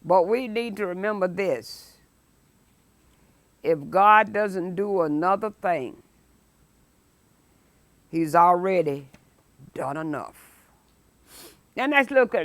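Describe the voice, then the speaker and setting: A woman teaching a Sunday school lesson, preaching emphatically and breaking into loud exclamations. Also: lowish voice, lively intonation, no echo. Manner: emphatic, rises to shouted exclamations; slow, deliberate phrasing.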